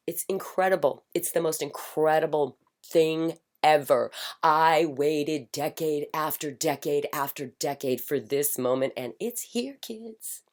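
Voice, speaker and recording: A middle-aged woman speaking in a passionate personal monologue, emphatic and repetitive, swinging from loud declarations to hushed whispers. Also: sits low, unhurried. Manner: fervent, repetitive chanting phrases. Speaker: spiritual commentator.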